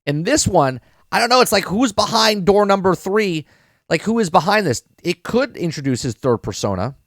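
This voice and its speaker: A man's voice: high voice, big pitch swings, normal speed, fairly bright tone, no echo, clean studio sound. A man hosting a live-stream podcast, reviewing a TV episode in a rambling, casual way, repeating words, swearing and talking to his chat.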